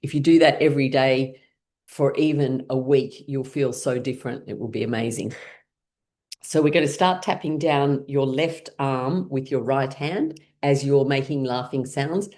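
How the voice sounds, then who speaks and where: Low-voiced woman leading laughter exercises. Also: moderate pace, darkish tone. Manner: cheerful instructing with frequent laughing sounds. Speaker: laughter yoga teacher. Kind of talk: guided laughter exercise class.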